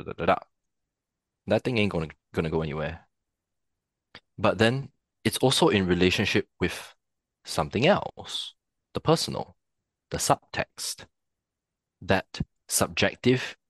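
This podcast guest, a theatre practitioner raised in Singapore, has a deep, low voice and works through his ideas aloud in a reflective, conversational manner, regularly checking in with the listener. The recording is close and dry, a bit bright, with little room sound and no echo.

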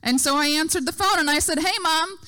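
A woman's voice: sits high, fast talker, bright, forceful tone. A middle-aged woman preaching a sermon, telling a story and acting out the voices she quotes.

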